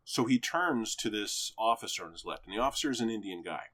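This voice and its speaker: Man, low voice, very animated delivery, swears freely, casual film recap. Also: fast talker. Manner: animated, excitable, profane storytelling. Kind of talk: casual chat, retelling a film.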